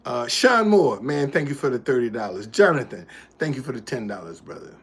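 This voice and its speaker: A man's voice: mid-range voice, big pitch swings, a little fast, breathy edge. Emphatic preachy man livestreaming. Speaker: livestream host. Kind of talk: casual livestream commentary.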